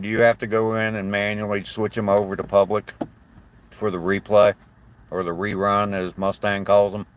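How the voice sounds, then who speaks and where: Deep-voiced older man chatting on a livestream. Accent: slight southern twang. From southern Ohio. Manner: chatty, rambling, friendly to chat. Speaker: livestream host. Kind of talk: casual live-stream chat with viewers.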